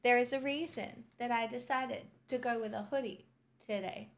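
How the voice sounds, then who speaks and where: A woman's voice: a little high, moderate pace. An Australian woman vlogging in a casual, chatty way, swearing freely and breaking into mock-dramatic outbursts. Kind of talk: casual chat to camera.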